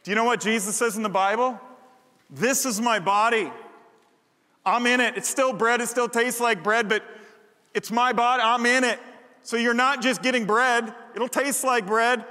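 A male pastor with a high, ringing voice delivers a sermon in a church sanctuary. His delivery is conversational yet builds to fervent emphasis, and the sound carries a long hall reverb. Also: steady tone, normal speed, bright, forceful tone.

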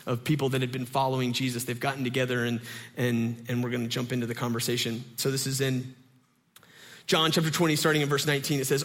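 A man in his thirties preaching a casual sermon, telling stories in an animated way with many fillers. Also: mid-range voice, fast talker. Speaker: pastor.

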